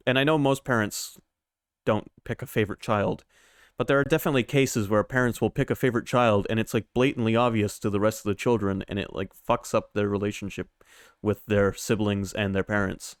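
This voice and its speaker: A man's voice: lowish voice, fairly even intonation, brisk, clear, resonant tone, dry recording. A man streaming, giving casual wry reaction commentary and swearing freely, on a close mic.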